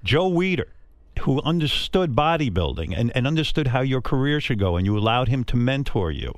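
A man's voice: mid-range voice, big pitch swings, brisk, dry recording. Guy interviewing someone, voice bounces around a lot, eager questions, dry sound. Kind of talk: casual interview chat.

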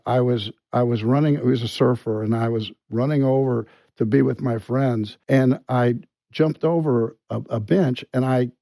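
Mellow-voiced man telling a story haltingly. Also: mid-range voice, no room sound. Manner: halting, full of restarts and quiet asides. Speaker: guest. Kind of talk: conversational storytelling.

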